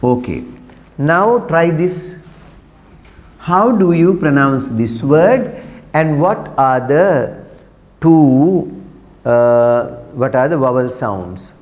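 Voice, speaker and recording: A man's voice: mid-range voice, animated, a little mellow, long reverb tail, muffled recording. A man teaching an English pronunciation lesson, repeating words and quizzing students in a classroom. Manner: drills words slowly, repeating them, asking students questions.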